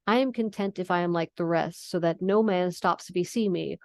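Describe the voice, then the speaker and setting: A woman's voice: fairly low pitch, brisk, vocal fry, a little mellow, dry recording. A woman reading the lines of a formal, aristocratic old male vampire count in a stately, archaic manner. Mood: grave. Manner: stately, archaic read-aloud phrasing.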